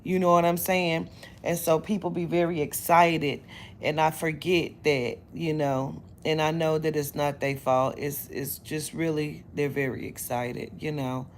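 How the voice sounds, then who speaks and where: A woman reader chatting casually to her viewers, blunt and profane, retelling her day with lively quoted dialogue. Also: low-pitched, a little slow, slight background noise. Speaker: spiritual reader. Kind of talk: casual storytelling to camera.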